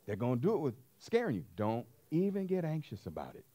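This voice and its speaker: A man preaching to his congregation in an animated, sing-song way, his pitch leaping around a fairly high voice. He drops to near-whispers, then slows down and hits single words loudly for emphasis. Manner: emphatic preacher, swings from hushed to loud, slows for stress. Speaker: pastor. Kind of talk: sermon.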